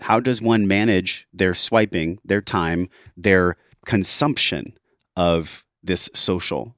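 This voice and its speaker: A man's voice: low voice, slow, a bit bright, dry recording, studio quality. A man hosting a podcast, asking earnest, searching questions and rephrasing them as he goes. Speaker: podcast host. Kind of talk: reflective interview questions.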